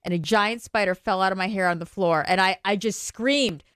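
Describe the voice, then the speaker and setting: A woman's voice: mid-range voice, normal speed, a bit bright, smooth, no room sound, clean studio sound. Chatty woman radio co-host. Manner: chatty storyteller, laughs often. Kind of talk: casual radio chat.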